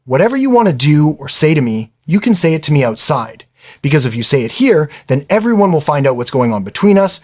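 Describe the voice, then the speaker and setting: A man's voice: fairly high pitch, sing-song, fairly quick, darkish tone. A man reading the lines of a flustered teenage boy who keeps protesting defensively. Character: flustered teenage boy, reluctant fake boyfriend.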